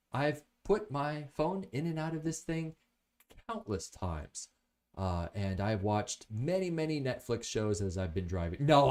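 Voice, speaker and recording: A man's voice: mid-range voice, darkish tone. A man casually reviewing products in a chatty, joking way.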